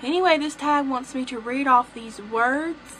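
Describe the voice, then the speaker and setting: A woman's voice: sits high, unhurried, fairly bright tone, a little hiss or hum, poor audio. A young woman with a Southern US accent, chatting playfully to the camera as a vlogger. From southern United States. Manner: playful, teasing. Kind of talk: casual chat to camera.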